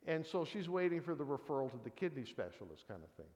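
Heard through a muffled recording with a large hall's long reverb, this man in his sixties has a mid-range, slightly mellow voice and speaks quickly and with great animation. He's a preacher giving a conversational sermon, spinning a personal story folksily and often adding "kind of thing."

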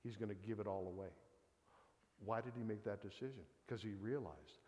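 This is a man in his sixties, a preacher, whose lowish, slightly mellow voice moves a little fast. He delivers a conversational sermon, telling a personal story in a folksy way with frequent "kind of thing" asides. The long reverb of a large hall surrounds him.

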